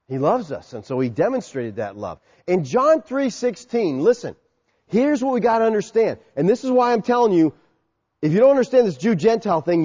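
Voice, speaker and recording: A man's voice: sits high, mellow, in a large hall, dull audio. A man preaching a sermon, emphatic, asking the congregation questions and answering them himself.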